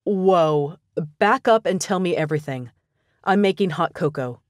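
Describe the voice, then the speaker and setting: A woman's voice: on the low side, unhurried, no echo, clean studio sound, lightly acted. A female narrator voicing a young man who is a loyal lifelong best friend, speaking steadily and frankly. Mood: concerned.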